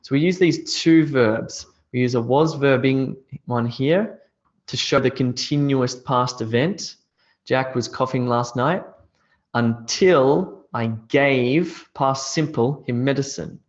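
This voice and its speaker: A man's voice: mid-range voice, slow, dull audio. A man teaching English grammar in a live online class, explaining step by step and reading out students' answers.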